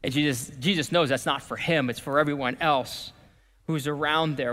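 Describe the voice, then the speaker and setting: A man preaching a sermon as pastor, talking in a conversational way that swings from lively to hushed. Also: fairly high pitch, moderate pace. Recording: long reverb of a church hall.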